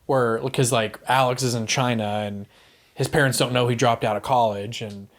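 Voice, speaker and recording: A man co-hosting a podcast, chatting casually about movies in a rambling, animated way, swearing and acting out quotes. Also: mid-range voice, moderate pace. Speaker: podcast co-host.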